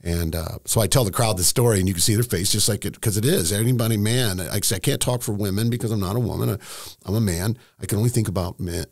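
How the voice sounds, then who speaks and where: A middle-aged man with a very low, gravelly voice. He talks candidly and emotionally, stopping and restarting often, and the recording is dry and close. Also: no echo. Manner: emotional, halting, many restarts. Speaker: estate planning seminar host, guest. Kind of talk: candid storytelling in conversation.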